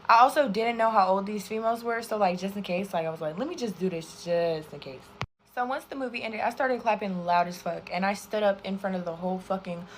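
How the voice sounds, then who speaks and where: Woman, storytime vlog, profane and animated, talks straight to viewers. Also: medium pitch, fast, hardly any pauses, a little hiss or hum. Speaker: content creator.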